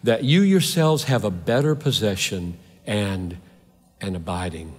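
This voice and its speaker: A man's voice: on the low side, expressive, measured pace, breathy edge. Impassioned male preacher in a reverberant hall. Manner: impassioned, emphatic preaching with repeated rhetorical questions. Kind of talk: sermon.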